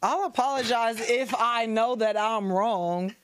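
A woman's voice: on the high side, unhurried, clean tone. Laid-back woman chatting on a podcast. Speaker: podcast guest. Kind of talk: casual podcast chat.

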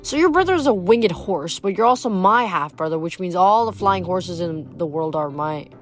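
A cocky teenage hero, quick with a joke and unimpressed by danger, as a woman reading aloud voices him. The tone stays a little low, with faint music underneath. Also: lively intonation, close to an everyday voice. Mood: flippant. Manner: flippant, wisecracking.

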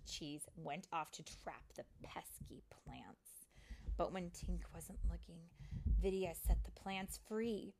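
Mom reading a storybook aloud, slow and lively in pitch, drops to whispers. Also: female voice, gravelly, slight background noise. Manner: slow, expressive, dropping to whispers. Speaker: mother reading to her child. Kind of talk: reading a picture book aloud.

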